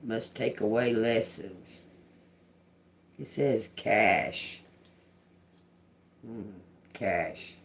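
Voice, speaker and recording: Brief: male livestream psychic, gravelly, very slow, halting word-by-word delivery. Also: fairly low pitch, a little hiss or hum. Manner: slow, halting, repeating single words aloud. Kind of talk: live spirit-box and card reading.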